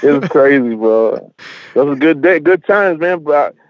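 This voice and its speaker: A rapper speaks in a loose, streetwise way, swearing freely and mixing in bits of Spanish. His voice sits at an ordinary pitch for a man. The sound is dry and a little dull, like a budget podcast mic. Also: expressive, a little slow, no room sound. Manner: slangy, profane, peppered with "bro" and "you know what I'm saying"; mixes in Spanish phrases. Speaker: rapper guest. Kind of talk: casual interview chat.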